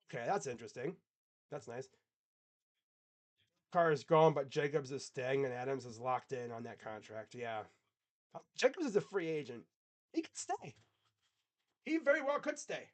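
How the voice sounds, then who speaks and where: A man doing casual live play-by-play on a reaction stream, chatting with viewers between calls. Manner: casual, chatty, reads and answers live chat; excited play calls mixed with low asides. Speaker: sports streamer.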